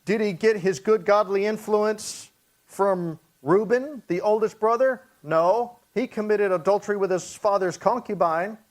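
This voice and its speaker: A man with a fairly high voice leads a church Bible study. He reads verses slowly and deliberately, then breaks them down in plain conversational speech. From Hawaii. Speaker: pastor teaching Bible study.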